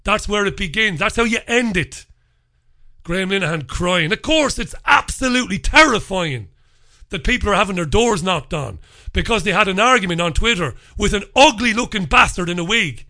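An unwell man hosts his own show alone, launching into a fiery, foul-mouthed rant. His voice sits high for a man, with a bright, piercing edge. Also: animated, moderate pace. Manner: heated, profane, forceful ranting. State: unwell with a lingering infection. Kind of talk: solo monologue, ranting commentary.

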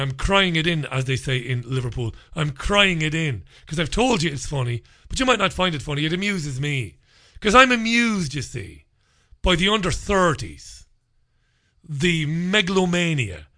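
A man's voice: a little high, bright, forceful tone. A man hosting a talk radio show, rambling through listener messages in a sarcastic, mocking monologue.

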